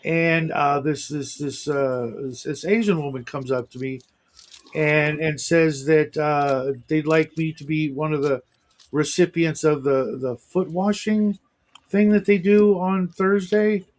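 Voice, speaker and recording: Man, stream host, slightly high voice, rambling casual chat, self-deprecating. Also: fairly even intonation, a little slow. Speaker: livestream host.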